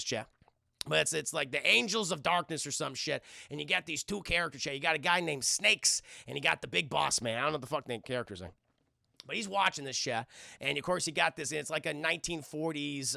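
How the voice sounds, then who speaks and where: A man with a high, gravelly voice, recapping a film to his live chat. He talks in a loose, profane way and acts scenes out with big swings in loudness. The sound is bright and dry. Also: no echo. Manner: animated, acts out scenes in shouted voices, swears a lot. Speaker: film reviewer streaming to chat.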